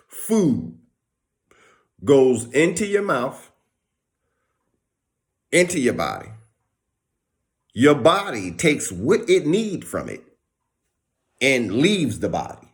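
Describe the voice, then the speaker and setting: Easygoing calm teacher figure, slangy and soothing, voiced by a man in his own register. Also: mid-range voice. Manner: laid-back, soothing, slangy. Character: calm, easygoing male teacher settling a debate.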